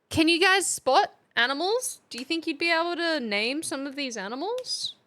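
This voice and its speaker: A woman's voice: sits high, sing-song, normal speed, hardly any pauses, a bit bright. An Australian woman streamer giving a casual history lesson, chatty and playful and often laughing.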